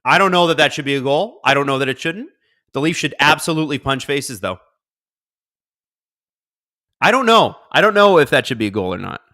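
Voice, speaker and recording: Male streamer host, bright edgy tone, excitable play-by-play reactions between quiet mutters. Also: mid-range voice, fast talker. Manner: excitable, swings from mumbled asides to loud outbursts. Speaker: live-stream watch-along host. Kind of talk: live game reaction and chat reading.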